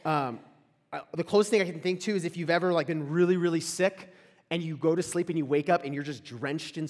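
A young man giving a casual storytelling sermon to a live audience, chatty and full of "like" fillers and questions to the room. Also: a little high. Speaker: campus ministry speaker. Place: large hall before a live audience. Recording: echoey hall.

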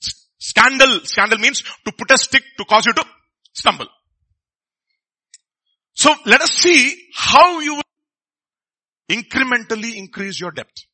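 Bright-voiced preacher, conversational. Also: male voice, very high voice, animated, measured pace, long pauses. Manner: conversational, asks the congregation questions. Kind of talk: sermon.

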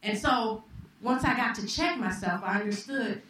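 A woman telling a personal story live at a story slam, conversational and reflective, pausing and restarting as she goes. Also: fairly high pitch, a bit bright. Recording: echoey hall, distant mic, faint noise.

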